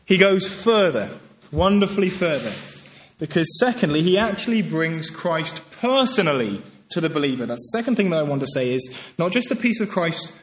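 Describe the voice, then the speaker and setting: A man delivers a sermon in a fairly high voice. He pleads earnestly with his listeners, building to emphatic peaks before dropping back to quiet, soft passages. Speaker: preacher.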